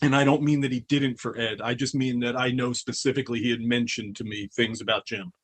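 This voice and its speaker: A man's voice: mid-range voice, steady tone, brisk. Man, middle-aged, comics publisher, casual chat, rambling storyteller, restarts and asides.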